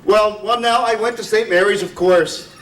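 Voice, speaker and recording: Man playing a proud, unhurried Irish bloke in a pub, brogue, high voice, echoey hall. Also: fairly even intonation, fairly bright tone, recorded from a distance. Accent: put-on Irish brogue.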